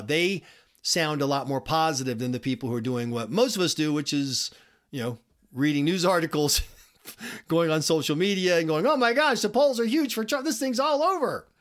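A man hosting a political podcast, talking through an animated commentary monologue with jokey, mock-exasperated asides. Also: mid-range voice. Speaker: podcast host.

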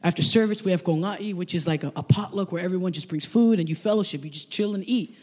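High-voiced man preaching with a constant "right?". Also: fast. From Samoan family background. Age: 30s. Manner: conversational, peppers every point with "right?"; animated storyteller, asks the crowd to repeat phrases. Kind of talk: sermon. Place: church service in front of a congregation.

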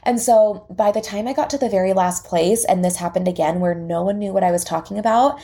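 A young woman hosting a podcast, telling a personal story in a lively way and acting out the dialogue. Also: medium pitch, brisk. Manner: lively retelling that acts out quoted dialogue. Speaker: podcast host and salon owner. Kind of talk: casual storytelling.

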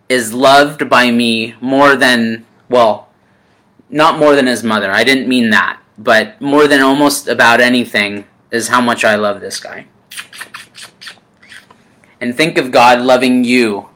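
A man preaching a sermon in a gentle, unhurried way, calling his listeners friend and pausing with ums. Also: medium pitch. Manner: unhurried with frequent ums and pauses.

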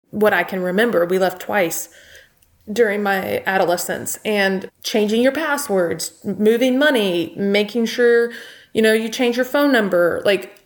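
Young woman, interview guest, candid, plainspoken, mid-pitched voice. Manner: candid and plainspoken, recounting events. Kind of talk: personal storytelling in an interview.

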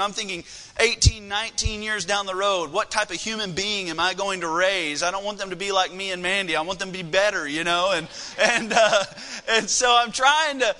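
A man's voice: high voice, bright, forceful tone. A man preaching a sermon in a church, telling a family story in a conversational way with fillers. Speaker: pastor. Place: church sanctuary. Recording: long reverb of a large hall.

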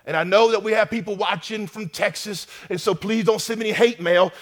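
A man preaching a sermon as pastor, emphatic and swinging between loud declarations and hushed asides. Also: sits high, fairly quick. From North America.

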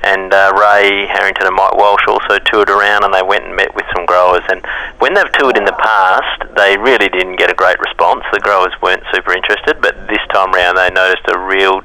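Upbeat Australian man with a bright voice. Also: low-pitched, flat delivery, brisk, low-quality recording. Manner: upbeat and chatty, with laughs. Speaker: weed management expert guest. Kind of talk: casual podcast chat. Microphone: phone line.

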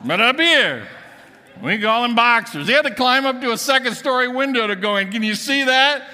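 A pastor tells jokey stories from the pulpit in a high, ringing voice. The bright tone has an edge, and his words echo through a large church sanctuary with a long reverb tail. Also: expressive, a little fast. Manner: joking storytelling to the congregation. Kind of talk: sermon.

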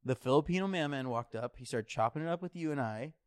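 Smooth-voiced teasing young man. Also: expressive, fast talker, dry recording. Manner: teasing, laughing, quoting with big pitch jumps. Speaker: podcast host. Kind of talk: casual chat.

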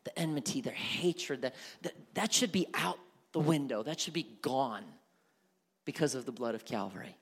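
A man preaching a sermon from the pulpit, moving from soft, low passages to loud, emphatic ones and repeating words for emphasis. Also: normal speed, slightly rough. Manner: builds from soft near-whisper to shouted fervor. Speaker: pastor.

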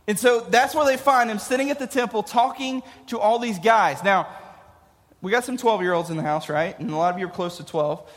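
Youth pastor, male, high voice, jokey, laughs at his own jokes, long hall echo. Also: normal speed, fairly bright tone. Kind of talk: casual youth sermon.

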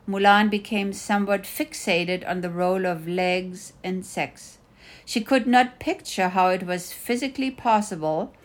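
A middle-aged woman reading her own first-person memoir with dry, wry storytelling. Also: on the low side. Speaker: mother narrating a personal story.

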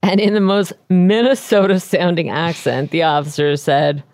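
A woman's voice: fairly low pitch, fairly even intonation, moderate pace, a little mellow. Giggly woman co-hosting a podcast. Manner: giggly, laughs often. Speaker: podcast co-host. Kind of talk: casual true-crime chat.

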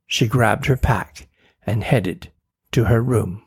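A man reading a children's chapter book aloud in a steady, deliberate way. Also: on the low side, creaky, slightly rough. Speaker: narrator.

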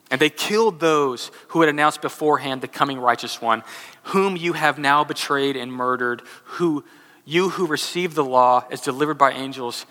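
Bright-voiced preacher man in a reverberant hall. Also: medium pitch. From Texas. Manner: conversational, self-deprecating storyteller. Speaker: pastor. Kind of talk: sermon with personal storytelling. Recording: long reverb from a large hall.

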